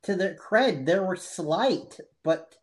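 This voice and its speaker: Slow, halting male podcast co-host. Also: high-pitched, lively intonation. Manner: slow and halting, trailing phrases. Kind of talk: casual chat reviewing a TV series.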